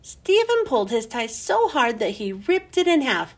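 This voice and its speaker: A woman reading a children's chapter book aloud, slow and expressive. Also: on the high side.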